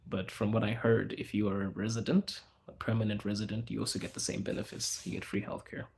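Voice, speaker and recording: A man from Zimbabwe hosting a casual livestream, chatting loosely with viewers and answering their questions in a relaxed, slangy, rambling way. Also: fairly low pitch, fast talker, gravelly. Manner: relaxed, slangy, rambling with fillers and self-corrections. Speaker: livestream host.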